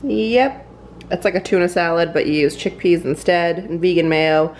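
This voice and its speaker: Indoors at home, a young woman talks at normal speed in a lowish voice over a faint hiss or hum. Her casual vlog chat is full of fillers and regular laughs.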